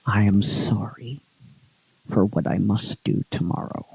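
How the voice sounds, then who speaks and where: A man voicing a grim, solemn male monster warrior in armor, speaking in slow, heavy, formal phrases. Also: medium pitch, fairly even intonation, no room sound, lightly acted, rough recording. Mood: remorseful. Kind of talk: storytelling with acted voices.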